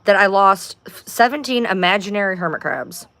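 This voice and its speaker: A woman's voice: mid-range voice, expressive, moderate pace, fairly bright tone, no echo. A woman hosting a casual livestream from home, rambling, swearing freely and sounding exasperated. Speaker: livestream host.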